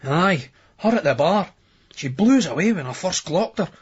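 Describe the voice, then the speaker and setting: Scottish man, audiobook narration, high voice, husky, dull lo-fi remastered sound. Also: animated. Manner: brisk, earthy dialect reading full of swearing. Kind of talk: first-person novel narration.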